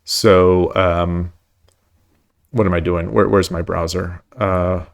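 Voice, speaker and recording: A man with a slightly low voice talks through his online games at home on a live stream. He rambles and stumbles, repeating words as he thinks aloud. He keeps making light of his own losing run. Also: level tone, slow, creaky. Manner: self-deprecating about his losses. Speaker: shogi streamer. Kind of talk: live-stream commentary while playing.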